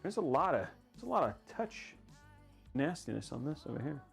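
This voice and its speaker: A man's voice: on the high side, very animated, moderate pace, creaky. A man hosting a casual livestream while building a PC, rambling and joking at himself as he talks to chat. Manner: rambling, goofy, laughs at himself. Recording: faint music behind the voice.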